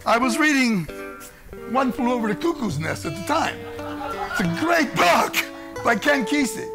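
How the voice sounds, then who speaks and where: An older man telling a true story on stage in an animated way, often laughing between lines. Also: very high-pitched, normal speed, creaky, over music. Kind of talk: theatrical solo storytelling.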